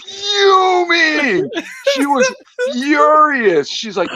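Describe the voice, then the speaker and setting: A man co-hosting a podcast who tells animated stories and laughs through them. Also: extremely high pitch, slow, background noise. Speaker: podcast co-host, former radio DJ. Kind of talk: casual chat, storytelling.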